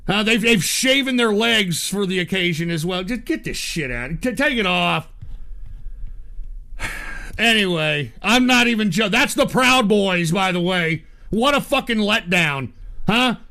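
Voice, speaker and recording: A man ranting on a livestream in a high, bright, sharp voice. He swears constantly and mocks viewers and public figures as he goes. His delivery is heated and scornful throughout. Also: animated, unhurried, vocal fry. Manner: profane, heated and mocking, reads viewer donations aloud. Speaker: livestream host. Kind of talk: angry political rant.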